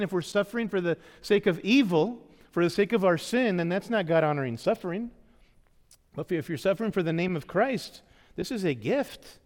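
A man preaching a sermon as pastor, often putting rhetorical questions to the congregation. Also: sits high. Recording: long reverb of a hall.

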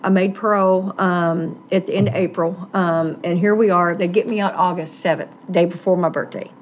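A woman's voice: lowish voice, steady tone, moderate pace. Woman telling her story in an interview, earnest, acts out what people said, some faint noise behind. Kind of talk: personal testimony in an interview.

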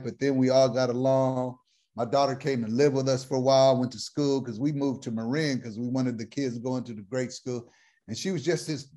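Animated slangy man spinning a story. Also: mid-range voice. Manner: slangy, animated, laughs through his punchlines. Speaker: guest comedian telling a life story. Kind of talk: casual storytelling.

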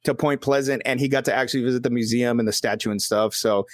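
A man's voice: mid-range voice, fairly even intonation, fast, dry recording. A man hosting a podcast in casual chat, telling stories loosely with lots of swearing and filler words. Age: adult father. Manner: loose and profane, full of fillers. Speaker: podcast host.

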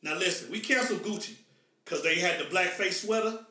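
Male podcast host from the Midwest, high and bright, animated and slangy, echoey distant room. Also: moderate pace. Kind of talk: casual podcast chat. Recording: echoey room, mic far off.

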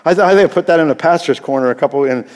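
A middle-aged man preaching in a high voice, now and then pushing to near shouts to drive his point home. He keeps asking his congregation questions. His sermon rings out through a big sanctuary with a long echo. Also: racing. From Eastern Kentucky. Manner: animated preaching, asks the crowd questions, rises to near shouts. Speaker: pastor. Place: large church sanctuary. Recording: long reverb of a big hall.

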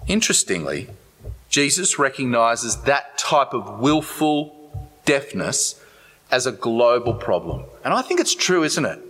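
A man preaching a sermon in an animated, conversational way, turning often to talk straight to his listeners. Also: medium pitch, a little slow. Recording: long hall reverb.

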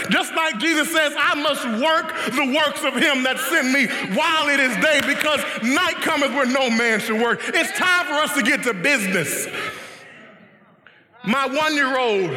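A man preaching a sermon, emphatic, often rising to shouts and laughing. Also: very high voice, reverberant, big-room sound.

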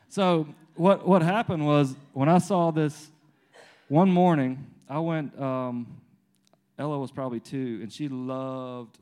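A man's voice: mid-range voice, smooth. A man in his thirties preaching in an informal, conversational way, telling family stories with many restarts and fillers. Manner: lively storyteller acting out his toddler and himself. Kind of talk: conversational sermon with personal stories.

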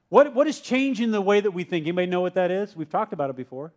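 A man's voice: sits high, sing-song, quick pace, darkish tone. A male pastor giving a conversational sermon and asking his congregation questions. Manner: acts out Peter's confused voice.

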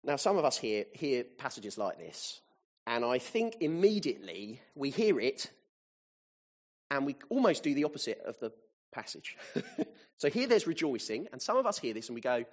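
Animated husky preacher. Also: male voice, mid-range voice, normal speed. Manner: animated, rising to excited peaks. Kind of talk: sermon.

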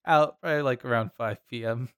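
A man's voice: mid-range voice, clear, resonant tone. A man co-hosting a podcast, chatting casually and animatedly about a cartoon episode. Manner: chatty, animated, quick asides. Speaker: podcast co-host. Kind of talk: casual chat.

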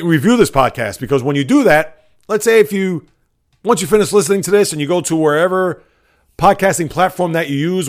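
A man hosting his own sports podcast, talking through news in a conversational, opinionated way. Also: a little high. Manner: conversational, opinionated, scolding at times. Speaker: podcast host. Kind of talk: solo sports podcast commentary.

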